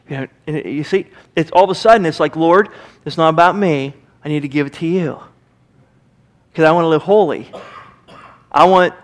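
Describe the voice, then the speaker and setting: A man with a Midwestern American accent preaches from the pulpit in a high, bright register. He is emphatic and conversational and slips into little acted-out quotes as he speaks to the congregation. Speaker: pastor. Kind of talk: sermon. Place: church sanctuary.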